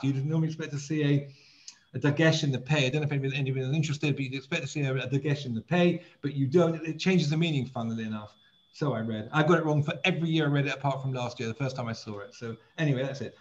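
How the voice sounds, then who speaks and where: On a video call with dull lo-fi audio, a man with a fairly high voice leads a scripture reading class at a fast pace. He is chatty and repeats words often, moving between talking and chanting Hebrew verses.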